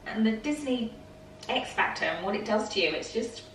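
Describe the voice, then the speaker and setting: A middle-aged woman, co-hosting a family vlog at home, relaxed and laughing easily. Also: a little high, normal speed, far from the mic. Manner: relaxed, laughs often, soft-spoken. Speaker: vlog co-host. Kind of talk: casual vlog chat. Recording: echoey room, off-mic, faint noise.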